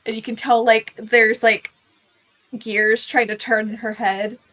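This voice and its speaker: A woman playing in a tabletop game, chatting in a bubbly, giggly way with quick asides. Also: a little high, flat delivery, a bit bright, rough recording. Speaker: player. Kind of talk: tabletop role-play chat.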